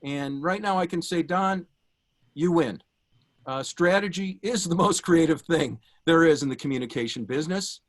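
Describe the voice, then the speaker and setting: A middle-aged man giving a prepared tribute over a video call, telling anecdotes in a warm way with many small pauses and fillers. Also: on the high side. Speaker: guest speaker giving a tribute.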